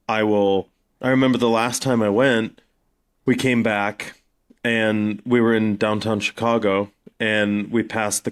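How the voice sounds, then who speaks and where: A man from South Africa with a lowish voice chats on a podcast as co-host. He wanders through long stories, padding them with fillers and asides. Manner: rambling storyteller, many fillers. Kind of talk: casual podcast chat.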